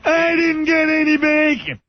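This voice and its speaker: A man impersonating a loud, cranky TV pitchman who barks complaints at a diner waitress. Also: flat delivery, dry recording. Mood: ranting. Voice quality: gravelly, shouting. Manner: barking complaints, rapid rant. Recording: dull lo-fi radio recording.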